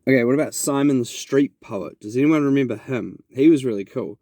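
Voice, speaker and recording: A man's voice: medium pitch, brisk, warm tone, no room sound. A man with a New Zealand accent, hosting a podcast and telling a rambling, reflective story in a casual monologue. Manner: rambling and reflective, with many restarts. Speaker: podcast host.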